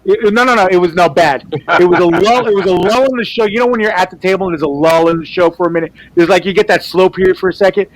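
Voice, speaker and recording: A man, an artist, chatting casually and telling animated stories, acting out other people's voices and swearing freely. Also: sits high, quick pace, rough recording. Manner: animated storyteller who acts out quoted voices. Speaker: artist on a team panel show. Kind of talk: casual storytelling chat.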